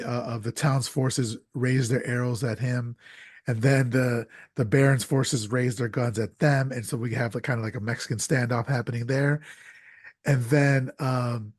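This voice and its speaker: Recorded cleanly in a studio without echo, this podcast host speaks in a medium-pitched, darkish voice. He walks through a film's plot casually, often stumbling with ums and starting over.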